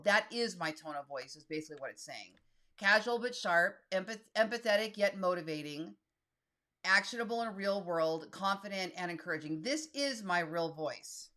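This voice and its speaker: A woman in her fifties talks viewers through a tutorial in a casual, blunt voice. Her voice sits a little low, and she reads text aloud as she types it. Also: animated, normal speed, pushed and bright. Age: 50s. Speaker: solo creator and YouTube host. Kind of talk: casual screen-share tutorial.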